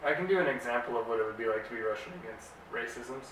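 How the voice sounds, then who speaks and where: A man's voice: medium pitch, fast, fairly bright tone. A young man co-hosting a casual comedy podcast, playful and teasing in a loose, jokey way. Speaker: podcast co-host. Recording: very echoey room, distant mic, faint hiss.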